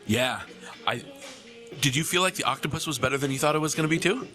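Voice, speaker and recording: A man's voice: fairly high pitch, quick pace, pushed and bright. A man hosting a food vlog, chatting casually and laughing often at a restaurant table. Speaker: food vlogger host. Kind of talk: casual food review chat. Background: background music.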